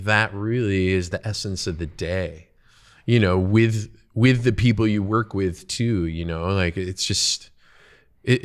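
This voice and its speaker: A man hosting a podcast, talking casually about work and the people he works with, trailing off and restarting his thoughts as he goes. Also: lowish voice. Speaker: podcast host. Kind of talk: casual conversation.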